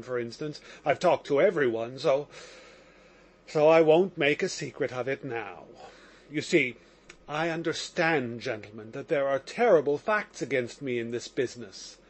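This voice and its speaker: A man voicing an impassioned young man accused of murder, in audiobook narration. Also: fairly high pitch. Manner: impassioned, exclamatory.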